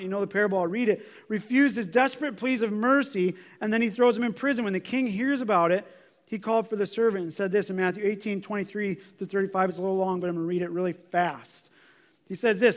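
A man preaching a sermon in a conversational, explanatory way, with asides and restarts as he walks through scripture. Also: sits high. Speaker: pastor.

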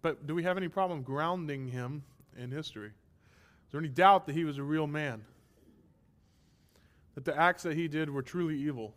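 A man delivers a sermon from the pulpit, his voice sitting somewhat high for a man. He preaches with passion and emphasis, firing off rhetorical questions. His throat sounds a little strained. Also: normal speed, long pauses. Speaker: pastor.

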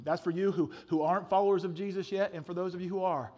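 A man with a high, light voice delivers a sermon as a pastor. He preaches with fervor, rising to near shouts and dropping to hushed, intense asides, often stumbling over repeated words before pushing on. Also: steady tone, very fast, lo-fi sound. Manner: passionate preaching, swings from loud to hushed; stammering restarts.

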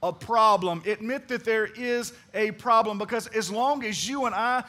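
Man, pastor, high voice, sermon, call-and-response, dramatic storytelling. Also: normal speed, pushed and bright. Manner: preaching with call-and-response to the congregation; dramatic, acts out quoted voices.

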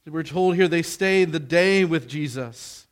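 A male pastor delivering a sermon in a somewhat high voice. He swings from ringing, emphatic exhortation down to near-hushed softness, and he leans on rhetorical questions to carry the congregation along. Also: measured pace.

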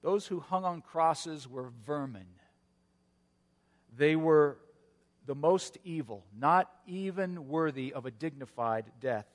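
A male pastor giving a sermon in an earnest storytelling manner, with a touch of gentle humor. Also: a little high, slow pace, in a large hall.

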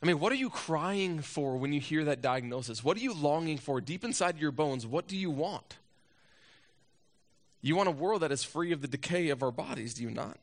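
A man preaching a sermon as a pastor, telling a personal story and asking rhetorical questions, swinging between loud urgency and hushed moments. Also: fairly high pitch, lively intonation, moderate pace.

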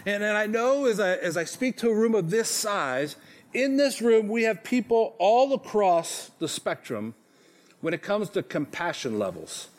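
Man, pastor, high voice, conversational sermon, self-deprecating, keeps asking "okay?", church sanctuary. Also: big pitch swings, unhurried.

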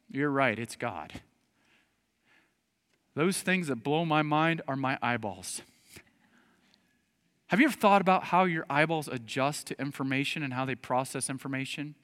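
Male pastor, high and bright, emphatic sermon delivery, loud and quiet by turns, long hall reverb. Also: lively intonation, moderate pace. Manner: emphatic, swinging between loud rising appeals and quiet earnest asides.

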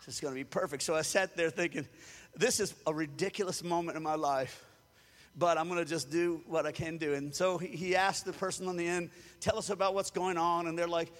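A man's voice: fairly high pitch, fairly even intonation, a little fast, fairly bright tone, long reverb tail. A man from Louisiana, preaching a sermon as a storyteller who acts out the quotes and chuckles often. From Louisiana, USA. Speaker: pastor.

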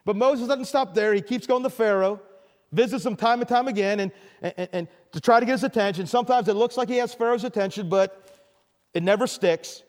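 Older pastor preaching in a reverberant hall. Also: male voice, sits high, a little fast. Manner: storytelling, stammering restarts. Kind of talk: sermon.

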